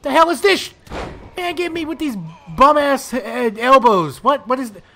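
A young man talking over a wrestling video game he is playing, mixing loud trash talk and outbursts with mumbled asides. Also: very high voice, moderate pace, creaky, slight background noise. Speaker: gaming YouTuber.

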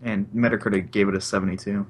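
A man's voice: fairly low pitch, level tone, quick pace, breathy edge. A young man co-hosting a podcast, dropping dry, teasing quips. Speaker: podcast co-host. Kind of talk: casual chat.

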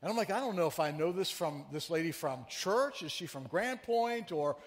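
A man preaching a sermon as pastor, telling a story in a chatty, animated way and teasing his congregation. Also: on the high side, moderate pace, long reverb tail. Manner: conversational, animated storyteller who teases the congregation. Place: church sanctuary.

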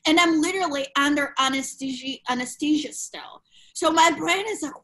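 A woman, a podcast guest frankly telling a personal story in animated, loose English. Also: sits high, normal speed, poor audio. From Ukraine. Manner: animated, frank, swears casually, non-native grammar.

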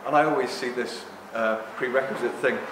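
A man giving a rambling, joking live talk to an audience, speaking loudly without a microphone. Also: medium pitch, steady tone, fairly quick. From Greek heritage. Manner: jokey, rambling, loud. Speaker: guest speaker. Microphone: no microphone, room recording. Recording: echoey room with background noise.

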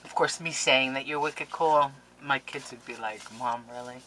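A middle-aged woman, opening mail on camera in a casual vlog, gushing and excitable. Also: rumbling low, normal speed, a little hiss or hum, poor audio. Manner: gushing, excitable, laughs and gasps often. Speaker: crafting vlogger.

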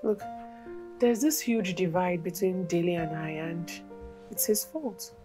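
A woman's voice: on the low side, measured pace, over music, close to an everyday voice. An actress playing a tired, strict mother and wife with a Nigerian accent, speaking firmly. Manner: firm, weary.

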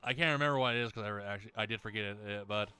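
Man, let's play host, bright crisp voice, close dry mic, sweary ranting. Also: rapid-fire. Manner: profane, ranting, mocking others in shrill voices. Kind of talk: angry rant over gameplay.

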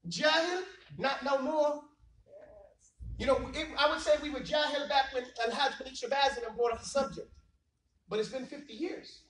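Male teacher, high voice, emphatic and preachy, recorded from far off in an echoey classroom. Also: fairly bright tone. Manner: emphatic, preachy, keeps asking the class rhetorical questions. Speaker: Islamic teacher. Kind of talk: classroom lecture. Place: classroom, indoors. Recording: echoey room from far off, faint noise.

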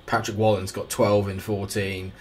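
A man with a lowish voice calls a simulated football match like a commentator, chatty and quick to get excited. He peppers it with wry asides. A faint hum sits behind him. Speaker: gaming YouTuber. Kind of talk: casual gameplay commentary.

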